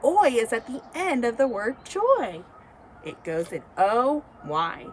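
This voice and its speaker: A woman teacher giving a slow, encouraging phonics lesson to young children. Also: on the high side, big pitch swings, a little hiss or hum. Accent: American. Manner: slow, encouraging, sing-song teacher talk.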